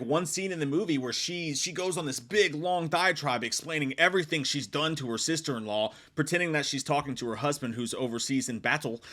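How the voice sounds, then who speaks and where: Animated, swearing guy reviewing movies. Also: a little high. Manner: profane, rambling, animated. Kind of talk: casual spoiler review chat.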